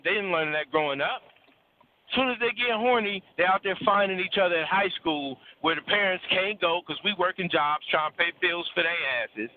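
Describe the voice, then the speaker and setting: A man's voice: high-pitched, a little hiss or hum. A man speaking bluntly and preachily, with profanity and repeated words for emphasis, in a casual talk about relationships over a call. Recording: tinny phone-like line.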